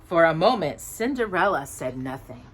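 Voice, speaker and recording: Woman storyteller, children's read-aloud, animated delivery. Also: deep voice, moderate pace, a little hiss or hum. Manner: expressive, acting out each character's lines.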